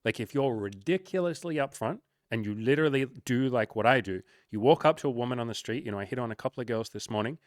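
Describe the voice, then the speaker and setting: A young man gives frank dating advice in a loose, animated monologue. He talks at a middling pitch and jumps into little impressions of the people he quotes. The sound is close and dry, with no room in it. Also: quick pace, hardly any pauses, dry recording. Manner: candid, animated, acts out quoted voices. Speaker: dating coach. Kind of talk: casual monologue to camera.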